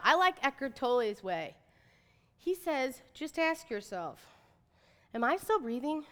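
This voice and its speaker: A woman in her thirties giving a chatty, inspirational talk to an audience, with lots of "like" and "right?". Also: sits high. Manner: chatty, animated, says "like" and "right?" often. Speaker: motivational speaker. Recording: reverberant hall.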